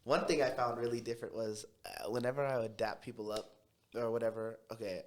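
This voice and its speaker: A young man from Tacoma, a podcast guest telling his story in a quick, brash, animated way. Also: mid-range voice. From Tacoma, Washington. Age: young adult. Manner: fast, brash city talker who speeds up when excited. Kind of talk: casual storytelling interview.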